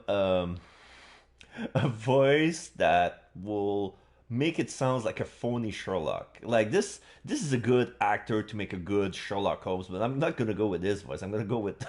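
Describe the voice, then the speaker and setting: A man's voice: fairly low pitch, a little mellow. A man streaming a game live, talking casually in a rambling way with many restarts. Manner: rambling, full of fillers and restarts.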